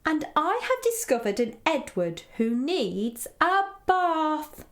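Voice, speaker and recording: Woman doing a bright, amused storybook mum. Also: sits high, big pitch swings, slow, voice pushed up, heavily acted. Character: cheerful mother of a small boy.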